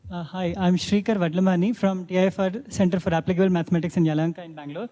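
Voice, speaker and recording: Male researcher, high voice, halting self-introduction. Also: level tone, mellow. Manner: hesitant, many fillers.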